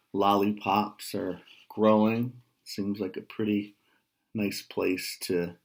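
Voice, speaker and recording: Brief: low-voiced man for a children's read-aloud, slow, gentle, with friendly asides. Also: vocal fry. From Detroit. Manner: gentle, stops to explain the story to children. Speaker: writer reading a children's story aloud.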